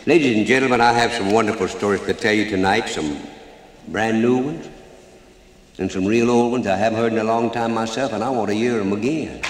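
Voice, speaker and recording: A man's voice: lowish voice, brisk. An older man with a Cajun accent, telling folksy stories on stage in a drawling dialect with broken grammar. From Louisiana. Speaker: storyteller. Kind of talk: live comedy storytelling. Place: stage before a live audience. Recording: roomy hall, faint audience ambience.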